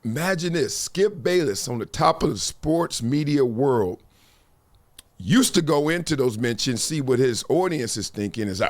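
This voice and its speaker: A middle-aged male host who riffs in a loose, slangy style and jumps into voices when he quotes people. His pitch sits in the middle range for a man. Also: normal speed. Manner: animated, slangy storyteller acting out quotes. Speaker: podcast host. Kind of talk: casual talk-show commentary.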